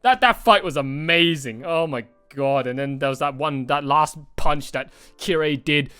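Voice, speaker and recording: Excitable, rambling man reacting to a movie. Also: a little high, moderate pace, smooth, no room sound, soft background music. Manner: excited, rambling, swears often, many restarts. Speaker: reaction channel host. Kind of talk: casual movie reaction chat.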